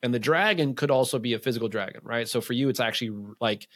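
A men's coach chats on a casual podcast, racing through animated stories packed with "like" and acted-out quotes. His voice is medium-pitched and the recording is dry.

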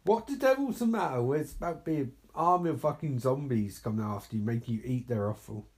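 A man's voice: medium pitch, expressive, fairly quick, darkish tone. A man giving live reaction commentary on a horror movie, sarcastic and exasperated, swearing freely.

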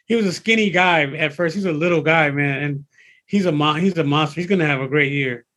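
A man in his fifties, a personal trainer, talking in an excitable, emphatic way and often repeating himself. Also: a little high, fairly quick. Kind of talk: casual interview talk.

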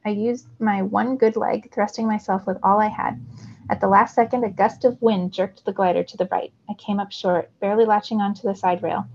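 Gravelly woman reading a novel aloud. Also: mid-range voice, dull audio, a little hiss or hum. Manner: expressive storytelling. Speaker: teacher.

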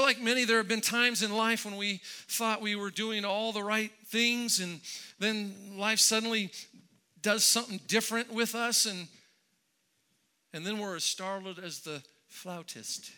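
A man's voice: sits high, pushed and bright, clear, resonant tone. A man preaching a sermon, telling a story in a conversational way with many restarts and repeated words. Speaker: pastor.

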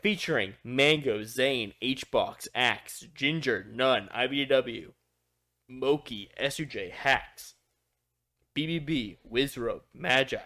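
A man's voice: mid-range voice, takes it slowly, sharp tone. A man co-hosting a loose group podcast, chatting casually with lots of fillers and restarts. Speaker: podcast co-host.

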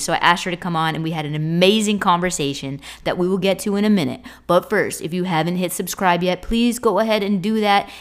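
A woman from Boston hosting a casual podcast interview, chatty and energetic, laughing often. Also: on the low side. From Boston, US East Coast. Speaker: podcast host.

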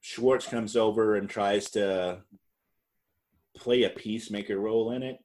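A man's voice: fairly low pitch, fairly even intonation, a little slow, darkish tone. A man co-hosting a podcast, recapping a reality show in casual chat, rambling and correcting himself as he goes, laughing often. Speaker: podcast co-host.

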